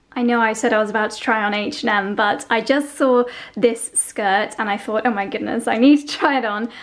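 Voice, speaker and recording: A woman's voice: a little high, darkish tone. A young woman, chatting casually through a fashion try-on vlog, gushing and easily sidetracked. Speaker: fashion vlogger.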